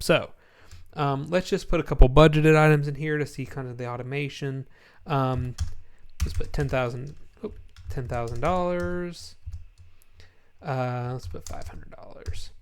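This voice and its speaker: Sleepy man with a smooth voice. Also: medium pitch. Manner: relaxed, rambling with many ums and self-corrections. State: sleepy, yawning. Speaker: spreadsheet template seller. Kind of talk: casual screen-share walkthrough.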